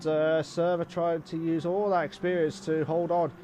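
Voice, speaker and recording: A man commenting live on a sim race, excitable and repeating phrases, breaking into shouts. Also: a little high, moderate pace, slight background noise.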